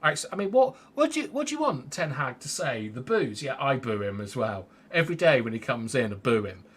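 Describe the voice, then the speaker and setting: A man's voice: mid-range voice, big pitch swings, a little fast, a bit bright, slightly rough. A man co-hosting a casual fan show, giving strong opinions in a rambling way. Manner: opinionated, rambling, restarts sentences. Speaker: fan channel co-host.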